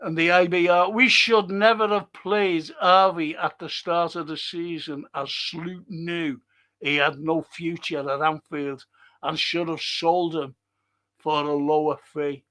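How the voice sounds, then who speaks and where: A man's voice: a little high, fairly even intonation, measured pace, pushed and bright. A middle-aged man, hosting a casual football livestream and answering viewer comments bluntly, swearing often. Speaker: football podcast host.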